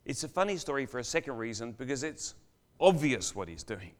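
Visiting a church as guest speaker, an older man preaches a sermon built around a story. His medium-pitched voice is very animated, and he uses dramatic pauses while swinging between loud and hushed delivery.

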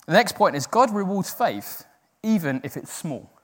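A man's voice: high-pitched, big pitch swings, moderate pace, fairly bright tone. A man giving an informal, earnest sermon with jokes to a church group. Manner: chatty, joking, earnest. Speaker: church speaker. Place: church hall. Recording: long hall reverb.

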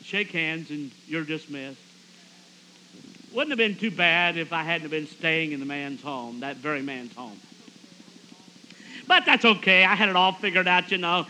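A man's voice: on the high side, normal speed, slight background noise, low-quality recording. A man preaching a storytelling sermon at a camp meeting, acting out the people he quotes. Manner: animated, acts out quoted voices.

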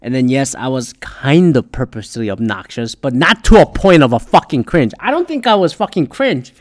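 A man's voice: mid-range voice, expressive, moderate pace, no echo, clean studio sound. A young man telling a story in a rambling, casual way, swearing often and filling gaps with "uh" and "like.". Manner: rambling, heavy swearing, frequent fillers.

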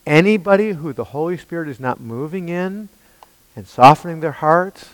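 A man preaching a sermon in an emphatic way, asking his listeners rhetorical questions and swinging between loud and hushed passages. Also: fairly high pitch, animated, normal speed, no echo, rough recording.

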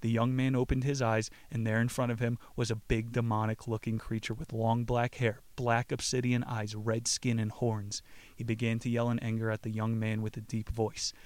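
A man's voice: mid-range voice, completely flat delivery, moderate pace, darkish tone, dry recording. Profane, joking male podcast host. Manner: profane, joking, laughs often. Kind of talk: casual book-summary talk.

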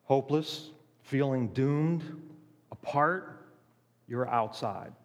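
A man preaching a sermon, emphatic, with dramatic pauses and acted-out quotes. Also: medium pitch, big-room sound.

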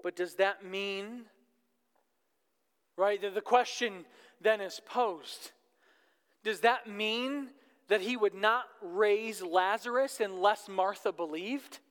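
High-voiced preacher in a reverberant church. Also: male voice, slow pace, long pauses, fairly bright tone, smooth. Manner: reads scripture aloud and breaks off to exhort the congregation. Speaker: pastor. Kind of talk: sermon. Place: church sanctuary.

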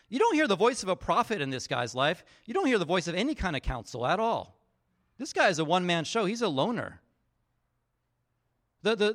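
Male pastor, relaxed storytelling sermon, slightly high voice, filler-heavy, acts out quotes. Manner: chatty, leans on fillers like "like" and "you know". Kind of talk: conversational sermon.

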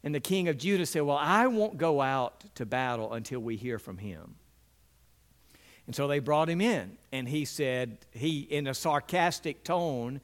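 Man, pastor, sermon, earnest, middle-aged, medium pitch. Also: measured pace. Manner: earnest, quotes biblical figures in lively voices, drops low and quiet for emphasis.

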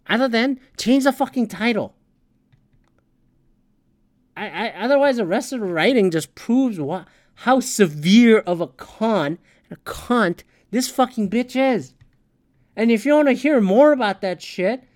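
Profane, ranting woman podcast host. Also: fairly low pitch. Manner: angry, profane, swearing constantly; exasperated, sarcastic rhetorical questions. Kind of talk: solo podcast rant.

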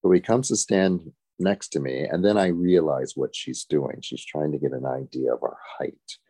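In a rumbling low, dark-toned voice at a moderate pace, an older man recounts his days as a show dancer for an interviewer. He keeps chuckling, reflects as he talks, and leans on "you know" a lot.

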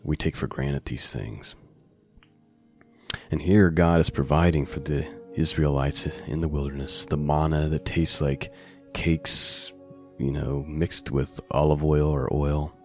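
A man's voice: extremely low pitch, fairly even intonation, unhurried, a little mellow, soft background music. A man teaching a bible passage on a podcast in a conversational way, often checking in with the listener. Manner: conversational, asks the listener "right?" and "okay?".

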